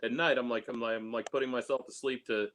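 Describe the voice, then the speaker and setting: A man hosting a casual chat over a video call, talking in halting stops and repeated words. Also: mid-range voice, steady tone, a bit bright.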